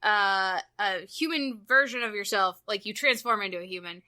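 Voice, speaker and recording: A young woman co-hosting a casual podcast chat, gushing and squealing with excitement, swearing freely. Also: mid-range voice, moderate pace. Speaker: podcast co-host.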